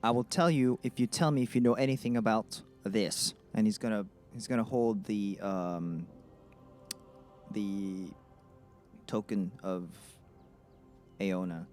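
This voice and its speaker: A man's voice: unhurried, long pauses, soft background music. A man playing a tabletop game, speaking in character with lots of stammers and restarts. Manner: animated, stammering, swinging in pitch. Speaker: player. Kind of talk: in-character tabletop role-play.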